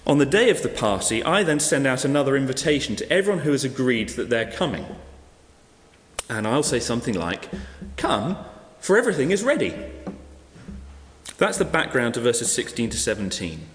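A man preaches a sermon in an echoey hall, telling a parable and voicing its characters. His medium-pitched voice moves briskly, with slight background noise. He's an animated storyteller who acts out the guests he quotes.

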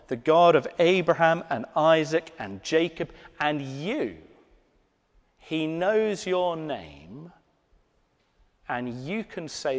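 Man, pastor preaching, very slow, hushed emphases, reverberant church hall. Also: a little high. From Britain. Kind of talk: sermon.

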